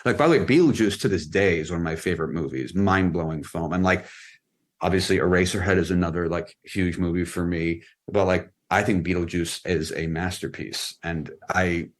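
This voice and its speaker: Low-voiced man, rambling guest chat. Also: normal speed. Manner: rambling, many "like" fillers and restarts. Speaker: film and music video director, guest. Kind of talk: casual interview chat.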